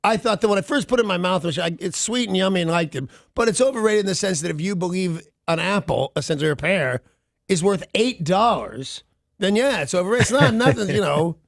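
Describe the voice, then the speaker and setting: A man's voice: sits high, expressive, brisk, gravelly, no echo, clean studio sound. A man hosting a radio show, telling rambling stories in casual banter and laughing often.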